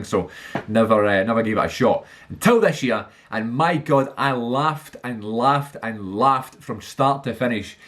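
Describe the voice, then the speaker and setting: Chatty, rambling man vlogging about films. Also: medium pitch. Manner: chatty, rambling, many fillers and restarts; enthusiastic. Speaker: film vlogger. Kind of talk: casual movie list monologue.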